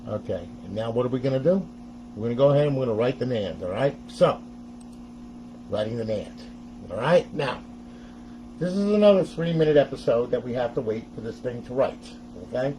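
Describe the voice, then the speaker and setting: A man's voice: mid-range voice, expressive, a little fast, mellow, a little hiss or hum, rough recording. A middle-aged man hosting a casual step-by-step tech tutorial, chatty and often laughing as he talks to viewers.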